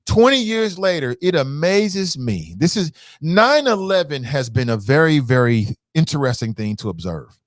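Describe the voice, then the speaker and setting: A male talk radio host in his fifties delivers a blunt, profane monologue, hammering his points home by repeating them. His pitch rises and falls with lively swings. The sound is dry and close, with no room around it. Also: normal speed, no echo. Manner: blunt, profane, impassioned, repeats phrases for emphasis.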